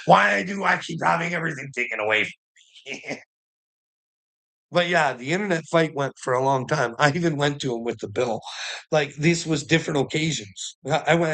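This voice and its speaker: A man's voice: fairly high pitch, a bit bright. A man in an angry monologue, swearing constantly, ranting and laughing bitterly between lines. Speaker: vlogger.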